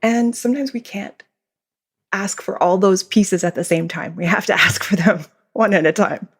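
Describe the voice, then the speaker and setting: A woman's voice: mid-range voice, moderate pace, slightly rough. A woman, a behavior consultant, answering interview questions in a podcast and explaining at length, often giggling between points. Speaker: behavior consultant and author, guest.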